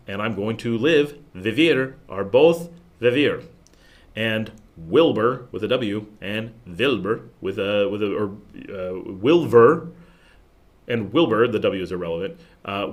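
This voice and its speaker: An American man hosting a casual livestream, answering viewer questions in a rambling, chatty way with many restarts. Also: lowish voice. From United States. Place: home in Nicaragua.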